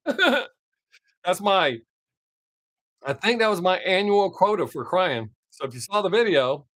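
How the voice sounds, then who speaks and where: A man's voice: high voice, expressive, fairly quick, a bit bright, no room sound, clean studio sound. A man hosting his own live stream, chatting casually with viewers, reading their comments and swearing freely. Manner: profane, laid-back, talks to chat viewers by name.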